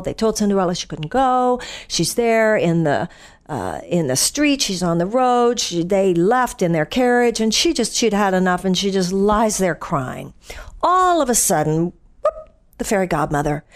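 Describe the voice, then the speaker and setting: A woman's voice: mid-range voice, a little mellow. A middle-aged woman giving an earnest inspirational radio talk, building her points through emphatic repetition and storytelling. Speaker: spiritual speaker giving a daily inspirational message.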